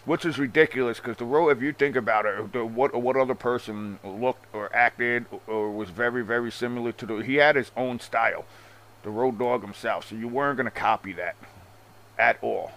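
A man's voice: medium pitch, normal speed, a bit bright, rough recording. Male podcast host, casual profane rant, sarcastic asides, loose rambling delivery. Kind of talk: casual rant about wrestling.

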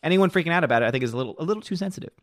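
Racing along with lively intonation, a man with a slightly high voice reads out viewer comments on his movie channel livestream from home. He gives rambling, opinionated replies and repeats words, in a dry, studio-quality recording.

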